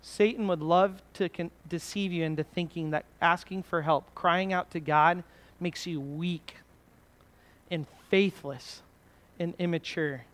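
A man's voice: fairly high pitch, steady tone, unhurried, a bit bright. A man preaching an earnest sermon, building to emphatic peaks on key phrases.

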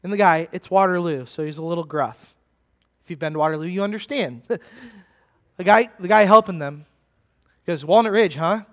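A man preaching a sermon as pastor, emphatic, slowing down to stress key words and turning to the congregation with conversational asides. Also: high voice, a bit bright.

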